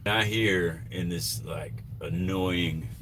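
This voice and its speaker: A man's voice: low-pitched, steady tone, slow, noisy background. A man who drives trucks, telling a story in a casual vlog, rambling with fillers and self-corrections.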